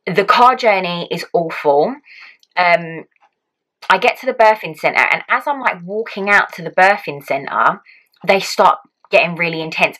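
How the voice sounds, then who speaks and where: A young woman vlogger telling a personal story to camera in a chatty, animated way, acting out what people said. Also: on the low side, poor audio. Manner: chatty, animated, acts out quotes. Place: home.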